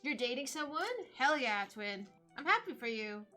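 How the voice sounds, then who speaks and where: Bubbly, lively woman streamer in her thirties. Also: a little high, a little fast, few pauses, soft background music. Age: 30s. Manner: bubbly, excitable, chatty. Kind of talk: casual live-stream chat, opening gifts.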